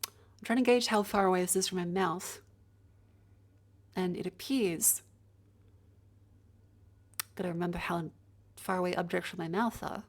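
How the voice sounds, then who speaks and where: A woman's voice: lowish voice, a little slow, pauses often. A woman streamer in casual live-stream chat, talking through a microphone test step by step as she moves a handheld mic to different distances. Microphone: handheld mic moved to different distances.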